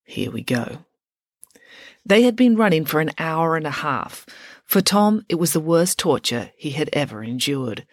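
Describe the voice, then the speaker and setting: Woman narrator, low voice, very lively pitch, dry close sound, storybook reading. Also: normal speed, dry recording. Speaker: audiobook reader.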